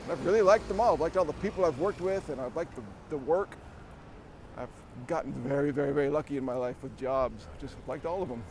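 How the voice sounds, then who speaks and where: A man with a mid-range, darkish voice tells a rambling story while cycling outdoors, breathless and poking fun at himself with little chuckles. He's a vlogger doing casual storytelling, and a slight hiss or hum sits on the audio.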